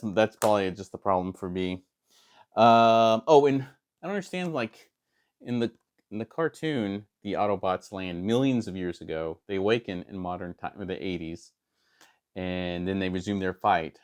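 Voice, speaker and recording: A man's voice: lowish voice, normal speed, clean tone. A man reviewing a comic book in casual, rambling chat, hesitant with many fillers and restarts.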